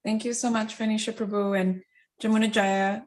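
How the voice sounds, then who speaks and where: A woman's voice: mid-range voice, little pitch movement, moderate pace, rough recording. Woman moderating a class, handing off speakers.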